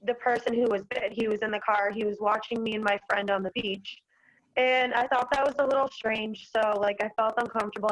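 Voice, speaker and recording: Over a video call with poor audio, a young Massachusetts woman, a dog owner at a town board hearing, describes an incident in a mid-range, slightly bright voice. She rambles, peppering her account with "like" and "you know."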